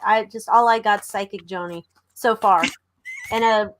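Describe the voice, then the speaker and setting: A woman's voice: mid-range voice, steady tone, unhurried, a bit bright, slight background noise. A woman co-hosting a live tarot stream, chatting playfully and greeting viewers in a sing-song way. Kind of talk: casual chat.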